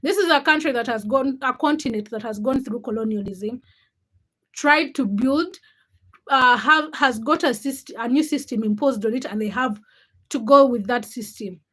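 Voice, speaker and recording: This is a young woman in her twenties running a casual livestream and chatting with viewers. Her voice sits high, and she talks in an outspoken, animated way. She often restarts her sentences as she thinks aloud. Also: moderate pace. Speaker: livestream host. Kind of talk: casual livestream chat, reading viewer comments.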